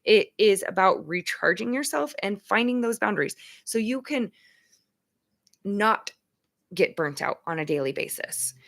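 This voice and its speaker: A woman's voice: medium pitch, animated, a little slow, creaky, fairly bright tone. A woman hosting a casual talk show, speaking in an emphatic, chatty way and openly sharing her feelings about empathy and boundaries. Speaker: show host.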